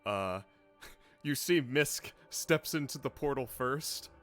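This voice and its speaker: A man acting as game master, narrating a tabletop game in an unhurried way with frequent fillers. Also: mid-range voice, lively intonation, a bit bright, faint music behind.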